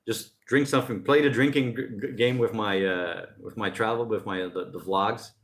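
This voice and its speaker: A man's voice: fairly low pitch, steady tone, normal speed, a bit bright. Male stream host, casual and jokey, rambles between chat messages, recorded outdoors. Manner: loose, rambling and jokey, often laughing. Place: outdoors by the ocean.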